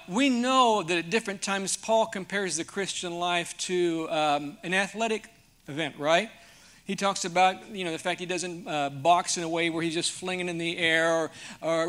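A man's voice: high-pitched, sharp tone, clean tone. A man preaching a sermon in a folksy, conversational way, asking the congregation questions. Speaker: pastor.

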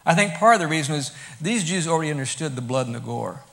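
A man preaching a sermon, emphatic, moving between quiet asides and loud bursts. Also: on the high side, expressive, fast, gravelly. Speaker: pastor.

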